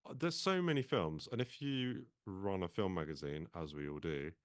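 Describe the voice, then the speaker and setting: A man co-hosting a casual podcast chat, reminiscing in a relaxed way. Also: low voice, moderate pace, smooth. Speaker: podcast co-host.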